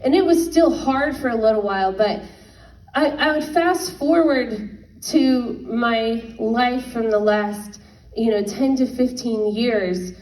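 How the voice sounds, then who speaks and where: A woman in her thirties gives a personal faith testimony in a mellow, warm voice. She talks earnestly and haltingly, circling back and restarting her sentences. The mic sits some way off in a roomy, echoing space. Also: on the high side, recorded from a distance. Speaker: worship leader.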